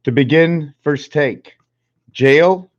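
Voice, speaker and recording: A man hosting his own channel, musing in a halting way, counting and spelling things aloud while drawing, a little out of breath. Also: on the high side. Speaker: channel host. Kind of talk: rambling numerology talk while drawing. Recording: slightly dull lo-fi recording.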